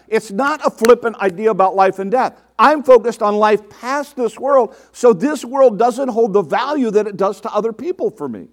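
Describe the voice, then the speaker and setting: A man with a high, light voice preaches a sermon in an easy, conversational way. He asks his listeners questions and answers them himself, and he mimics the complaints of the people he quotes. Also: animated, a little fast, few pauses. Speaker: pastor.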